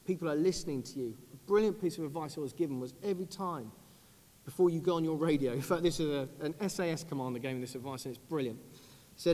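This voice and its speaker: Earnest British army officer, hall reverb. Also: male voice. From United Kingdom. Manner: earnest, measured, drops low and quiet on grave points. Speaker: army officer on a conference panel. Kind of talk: panel talk. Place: large conference hall.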